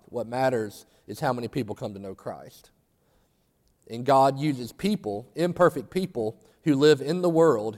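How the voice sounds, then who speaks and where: A man delivers a sermon in a folksy, storytelling way, pushing his voice up to fervent emphasis on his key points. His voice sits in an ordinary middle pitch. The sound carries a long reverb, as in a large hall. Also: darkish tone. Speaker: pastor.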